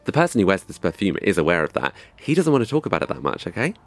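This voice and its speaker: A man's voice: low-pitched, big pitch swings, very fast, soft background music. A young man from England telling a scripted comic story in a wry, dry, self-mocking way. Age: young adult.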